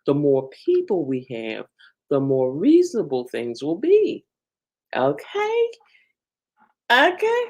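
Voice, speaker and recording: A woman hosting a casual live stream, chatting with her viewers in a lively, talkative way and laughing often. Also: rumbling low, a little slow. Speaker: livestream host.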